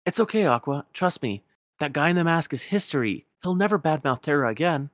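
A man's voice: fairly high pitch, brisk, dry recording, clean studio sound, pitched above the performer's own voice, lightly acted. A man voicing an eager, earnest teenage boy hero. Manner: earnest, excitable.

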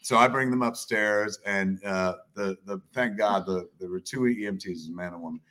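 A middle-aged man telling a story as a guest on a live chat show, swearing constantly and animated. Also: on the low side, normal speed, slight background noise.

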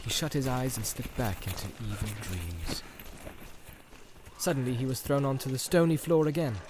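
A man reading an audiobook in steady storytelling narration. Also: mid-range voice, normal speed. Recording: background noise.

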